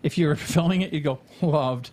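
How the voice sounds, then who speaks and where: A man's voice: a little high, rapid-fire, a little mellow. A man co-hosting a podcast, chatting casually in a rambling, profane, joking way. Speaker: podcast co-host.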